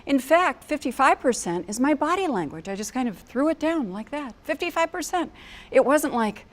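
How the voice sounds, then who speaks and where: A woman's voice: high voice, very animated, moderate pace. Earnest older American woman coach. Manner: earnest, acts out phrases with emphasis. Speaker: marriage coach. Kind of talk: teaching talk to couples.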